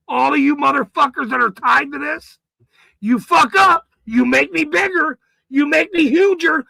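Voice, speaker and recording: A man hosting his own channel, delivering an angry, profane, boastful rant straight to camera with frequent shouting. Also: very high voice, creaky, dry recording, low-quality recording. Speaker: channel host.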